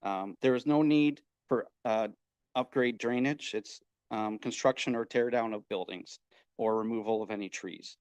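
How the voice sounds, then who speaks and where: A man, a farmer speaking as an applicant before a town council, halting and emotional with many fillers. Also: on the low side, a little mellow, clear, resonant tone, no echo, highs cut off. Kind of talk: public comment at a council meeting.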